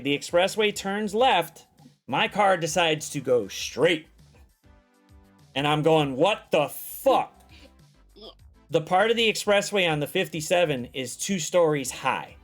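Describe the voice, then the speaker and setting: A man with a fairly high voice tells a long personal story in a loose, rambling chat, swearing freely and acting out what everyone said. Soft music plays faintly behind him. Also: animated, a little slow. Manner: profane, rambling storytelling full of acted-out quotes. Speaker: guest telling a personal story. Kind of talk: casual chat.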